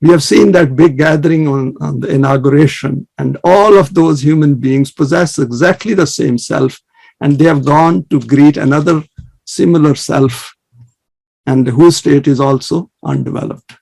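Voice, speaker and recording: Religious lecturer, male, earnest and measured, fry in the voice. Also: fairly high pitch, darkish tone. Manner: earnest, measured lecturing with fast Arabic recitation. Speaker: Islamic study presenter.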